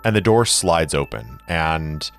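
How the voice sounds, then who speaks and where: A man's voice: extremely low pitch, very animated, measured pace, smooth, soft background music. A man narrating a solo tabletop role-playing game like film, describing each camera shot. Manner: cinematic, describing camera shots.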